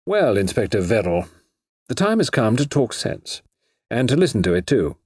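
A man voicing a breezy, unflappable young gentleman writer who speaks pleasantly and matter-of-factly, with a husky voice. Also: mid-range voice, big pitch swings, moderate pace, no room sound, clean studio sound. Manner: pleasant, jaunty and matter-of-fact.

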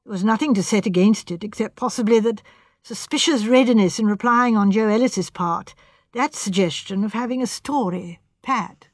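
A woman reading a classic mystery novel aloud with steady, measured narration. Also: medium pitch, no echo, studio quality. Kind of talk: audiobook narration.

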